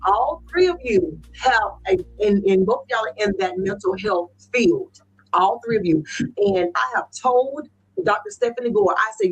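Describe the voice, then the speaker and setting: Husky, effusive woman talk show host. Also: big pitch swings, moderate pace, low-quality recording. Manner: effusive, repeats herself, swoops in pitch. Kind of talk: casual interview chat. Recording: faint music underneath.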